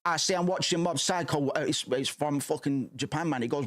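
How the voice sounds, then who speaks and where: A man's voice: a little high, fairly quick, fairly bright tone. Rambling, sweary man in his thirties. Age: 30s. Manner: rambling and sweary, with frequent restarts. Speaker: streamer. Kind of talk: casual chat.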